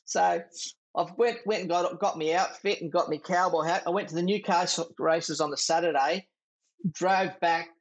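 Australian man, middle-aged, rambling storyteller, fairly high voice. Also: steady tone, normal speed, muffled recording. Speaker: guest, former jockey. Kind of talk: casual chat.

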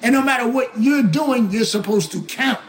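A man being interviewed as a guest rapper, talking emphatically, repeating himself and bursting into shouts. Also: extremely high pitch, normal speed, rough recording. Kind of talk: casual interview talk.

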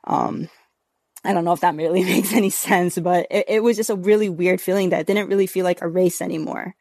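A woman's voice: lowish voice, steady tone, a little fast, a little mellow, no echo, clean studio sound. Earnest woman, rambling interview guest. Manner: earnest, rambling with many fillers. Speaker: podcast guest, athlete. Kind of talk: casual interview talk.

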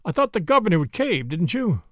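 A man's voice: high-pitched, sing-song, a little fast, fairly bright tone, no echo, studio quality, heavily acted. A man voicing a chatty, opinionated male newspaper man.

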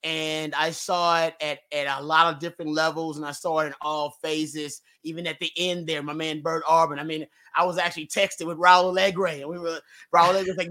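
High, bright-voiced excited analyst. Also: male voice, a little fast. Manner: emphatic, fan-like, emotional. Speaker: guest analyst. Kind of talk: postgame sports talk show.

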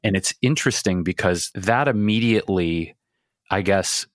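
A man's voice: deep voice, normal speed, no room sound, studio quality. A man co-hosting a podcast who speaks in long, rambling, reflective and effusive stretches. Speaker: podcast co-host. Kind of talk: casual conversation.

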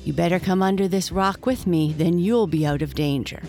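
A woman voicing an eager young male beaver who talks in a quick, excited way. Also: on the low side, soft background music, lightly acted. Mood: earnest.

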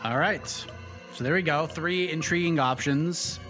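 A man's voice: a little high, unhurried, music in the background. A man hosting a panel show, putting questions to guests in a playful quizmaster way. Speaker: host. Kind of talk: game-style panel hosting.

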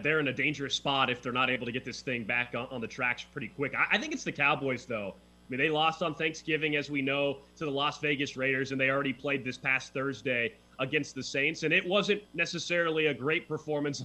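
A man hosting a football betting show, giving energetic, casual analysis of picks and games. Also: mid-range voice. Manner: energetic, talks through picks with quick restarts. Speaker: sports betting show host. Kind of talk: casual sports analysis chat.

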